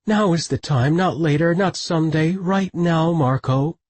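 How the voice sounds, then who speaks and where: A man's voice: on the high side, a little slow, a little mellow, husky, no room sound, pitched above the performer's own voice. A man voicing a desperate pleading woman lover. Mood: fierce. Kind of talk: audiobook narration.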